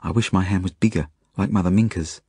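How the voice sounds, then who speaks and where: An Australian man narrates his own novel as an audiobook, in the first person. His voice is low and husky, and the delivery is plain and earnest. The sound is dry and close. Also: fast talker, dark tone, dry recording.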